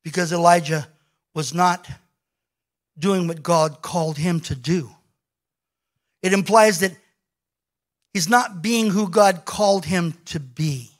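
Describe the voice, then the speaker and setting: A male pastor preaching a sermon, telling a scripture story in an animated way and acting out the quoted lines. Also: high-pitched, slow, long pauses.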